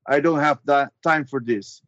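A man's voice: on the high side, measured pace, a bit bright, no echo, lo-fi sound. A man voicing an irritated British man with a British accent who answers the phone and brushes off the caller. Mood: annoyed.

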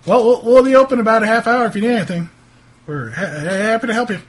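A man's voice: high voice, fast, breathy edge, voice pushed up. A man doing a stammering flustered shopkeeper. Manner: stammering, apologetic. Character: flustered polite male shopkeeper, just woken.

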